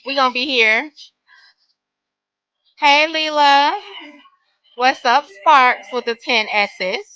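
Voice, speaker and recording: A woman chats to her live-stream viewers from her bedroom, greeting each one by name in long, drawn-out hellos. Her voice sits high and sounds bright. The sound is dry and close, and she sniffles now and then. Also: no room sound, muffled recording. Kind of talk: casual live-stream chat. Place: home bedroom.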